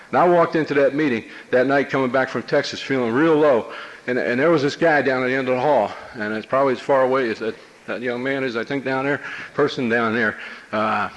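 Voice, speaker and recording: Here a New Jersey man recounts his own recovery before a meeting audience, wry and conversational, leaning on "you know" often. His voice is mid-range and slightly bright, and the recording quality is low.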